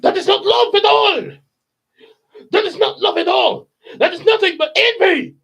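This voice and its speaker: A man playing an angry, commanding father with a Jamaican accent, shouting forcefully. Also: very high voice, moderate pace, vocal fry, pitched above the performer's own voice, heavily acted. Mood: furious. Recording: dull lo-fi sound.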